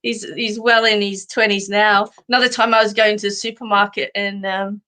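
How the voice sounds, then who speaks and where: A woman's voice: medium pitch, little pitch movement, normal speed, sharp tone. A middle-aged Australian woman hosting a live stream, chatting casually and rambling through funny stories with frequent laughter. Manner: chatty, rambling storyteller who laughs often.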